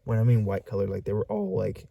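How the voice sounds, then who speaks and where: Male vlogger, low and mellow voice, rambling halting storyteller who keeps searching for the right words. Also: big pitch swings, creaky, dry recording. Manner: rambling, halting, lots of fillers. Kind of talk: casual storytelling vlog.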